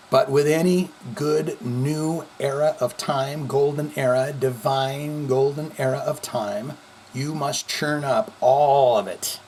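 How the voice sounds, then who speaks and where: A man's voice: medium pitch, darkish tone, slight background noise. A man hosting a casual vlog, talking in a rambling, profane and goofy way. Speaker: host.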